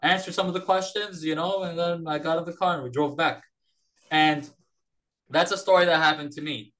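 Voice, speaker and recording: A man's voice: a little high, steady tone, normal speed, a bit bright, poor audio. A man from Palestine, a podcast guest, retelling a story in a casual, rambling, profane way.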